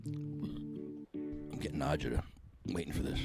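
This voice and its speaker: A man's voice: mid-range voice, big pitch swings, normal speed, vocal fry, long pauses, over loud music. A man hosting a podcast in casual chat, joking around and slipping into silly voices. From New Jersey. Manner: jokey, slips into goofy voices. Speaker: podcast host.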